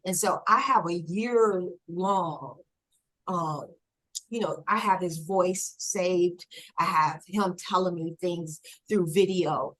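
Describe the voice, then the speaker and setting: Woman guest, reflective and halting, emotional as she talks. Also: fairly low pitch, fairly bright tone, poor audio. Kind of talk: emotional conversational sharing.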